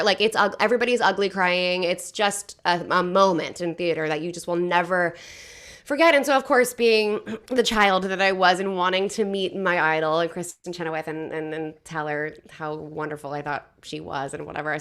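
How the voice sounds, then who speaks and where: A young woman, a variety show cast member, telling a story in casual, animated chat full of fillers. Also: fairly low pitch, moderate pace. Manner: chatty, animated, filler-heavy.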